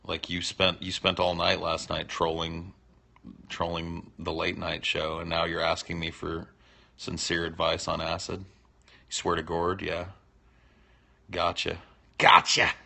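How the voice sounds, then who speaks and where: Low gravelly dude on a stream, rambling and swearing a lot, kinda sharp tone. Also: male voice, monotone, unhurried. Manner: rambling, profane, teasing. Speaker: livestream host answering chat. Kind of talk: casual unscripted chat.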